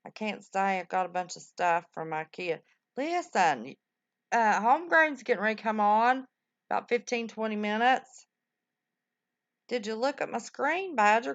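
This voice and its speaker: Older woman, folksy livestream host, lively up-and-down voice, muffled lo-fi audio. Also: medium pitch, normal speed. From West Virginia. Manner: folksy, talkative, exclamatory. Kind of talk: casual chat with live viewers.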